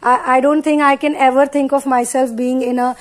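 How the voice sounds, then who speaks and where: A woman's voice: sits high, little pitch movement, brisk. A woman giving a spiritual channeling talk, speaking in emphatic, repetitive affirmations and casual asides with frequent fillers.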